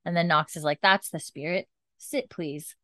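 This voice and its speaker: A woman's voice: low-pitched, fairly even intonation, normal speed, fairly bright tone, no room sound. A woman co-hosting a casual chat, animatedly retelling a TV episode and acting out the characters' lines, with lots of "like.". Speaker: podcast co-host recapping a TV episode.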